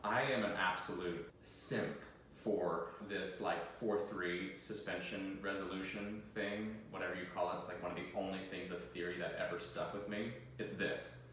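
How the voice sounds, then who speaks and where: A man's voice: low-pitched, fairly even intonation, moderate pace. Chatty young man in an echoey room. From United States. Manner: chatty, self-deprecating, trails off. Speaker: organist and video host. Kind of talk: casual talk while sight-reading. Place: room with an organ. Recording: very echoey room, mic at a distance.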